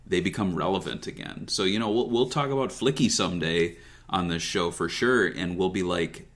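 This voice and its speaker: Rambling podcast host man, low voice. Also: moderate pace, fairly bright tone. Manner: rambling, reads listener messages aloud. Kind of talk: casual podcast chat.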